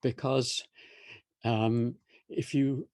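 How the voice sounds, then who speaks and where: An older English man on a video call, explaining history in a measured, pausing way with frequent restarts. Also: medium pitch, fairly even intonation, darkish tone, dry recording, studio quality. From England. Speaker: interviewee, historian. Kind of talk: thoughtful conversational explanation.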